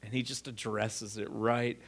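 A man preaching a sermon, swinging between quiet, intimate lines and loud, emphatic ones. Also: fairly low pitch, level tone, measured pace. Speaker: pastor.

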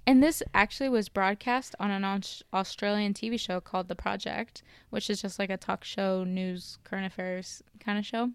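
Gravelly-voiced woman telling a story. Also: mid-range voice, steady tone, normal speed, few pauses, no room sound. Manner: storytelling, often apologetic and giggly. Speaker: podcast co-host. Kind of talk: casual podcast chat.

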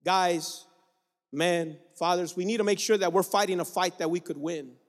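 A man's voice: high voice, moderate pace. A male guest preacher delivering an exhorting sermon, calling out to the congregation in a church sanctuary. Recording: long reverb of a large room.

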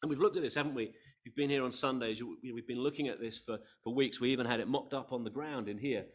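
A man preaching a Sunday sermon to his congregation, earnest and emphatic, rising to loud peaks and dropping to quiet, with small restarts. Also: medium pitch, quick pace. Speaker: pastor.

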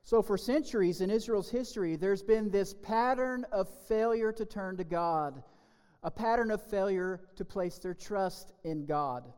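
Male pastor, high register, deliberate sermon delivery, long hall reverb. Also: darkish tone, clean tone. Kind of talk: sermon with children's message.

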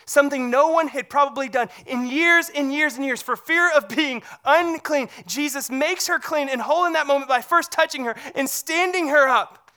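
A pastor preaching a sermon, swinging between loud emphatic passages and hushed low ones, often repeating words as phrases restart. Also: moderate pace.

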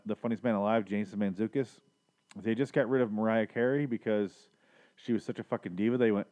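Male recapper, middle pitch, loose and crude comic delivery, rambling asides. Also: a little mellow. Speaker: show recapper. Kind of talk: casual comedic recap.

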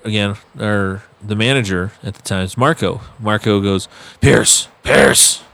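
A man's voice: fairly low pitch, normal speed. A man telling stories about working club doors in a casual late-night chat, acting out quotes as he goes. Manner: animated storyteller, acts out quotes, swears casually. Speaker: podcast guest, former bouncer.

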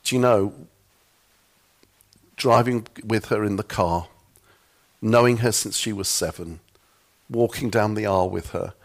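A man's voice: lowish voice, measured pace, long pauses. A middle-aged man giving a sermon-style talk, telling humorous, self-mocking anecdotes. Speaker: church speaker.

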